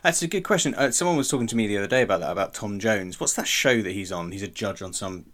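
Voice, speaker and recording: A podcast co-host in casual chat, this man rambles, corrects himself, and chuckles often. His voice is on the low side but a bit bright, animated, and fast.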